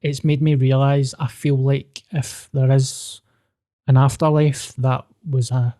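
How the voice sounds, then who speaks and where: A man's voice: medium pitch, takes it slowly. A man telling a personal story on a podcast, casual and sweary, acting out the dialogue. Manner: sweary, animated, acts out quoted dialogue.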